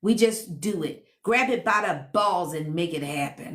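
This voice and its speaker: A woman's voice: mid-range voice, animated, normal speed, a bit bright. A woman hosting a casual live stream at home, a self-described healer and teacher who reads comments, laughs often and talks to viewers in a sassy, playful way.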